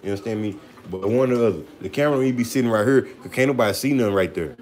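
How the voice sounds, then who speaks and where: A man's voice: medium pitch, racing, darkish tone. A man speaking while cooking in a home kitchen, chatting in a playful, teasing way and often asking "you understand me?". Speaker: co-host cooking on camera. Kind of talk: casual joking chat while cooking.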